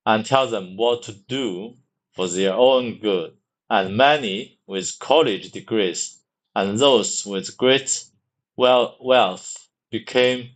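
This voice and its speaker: A man reads aloud at a very slow, careful pace, stumbling and saying words over several times. His voice sits on the low side. He sounds like someone practicing English pronunciation. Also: poor audio. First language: Mandarin. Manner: halting, repeats words many times, restarts.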